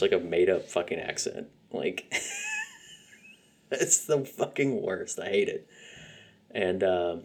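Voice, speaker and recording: Very low-voiced man rambling profanely. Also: a little mellow. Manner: rambling, profane, frequent fillers. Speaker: podcast host. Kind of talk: casual rambling monologue.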